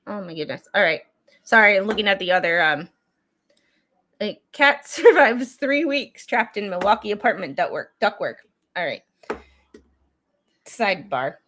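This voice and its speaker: A woman's voice: a little high, fairly bright tone, slight background noise. A woman streaming true crime content, reading court documents aloud in a casual, chatty way with frequent asides. She is getting over a cold and coughs now and then. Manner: chatty, digressive, breaks off into asides while reading.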